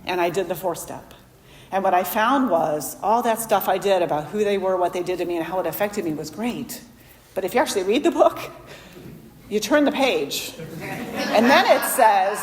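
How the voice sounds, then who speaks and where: A woman's voice: medium pitch, animated, normal speed. A woman speaker at a recovery meeting, telling her story candidly and self-deprecatingly, acting out the voices of people in it. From Florida. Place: meeting hall. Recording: echoey hall recording.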